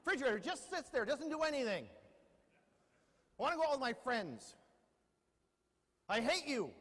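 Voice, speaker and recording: Sulky complaining robot vacuum, put on by a man, high-pitched whine in a reverberant hall. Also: sing-song, normal speed, fairly bright tone, heavily acted. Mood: whiny sulk. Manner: whining, complaining.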